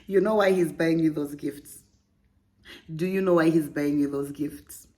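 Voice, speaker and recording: A woman's voice: low voice, fairly even intonation, unhurried, dark tone. A young woman hosting a podcast, reading a listener's story aloud and breaking off with playful, laughing, teasing asides. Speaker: podcast host.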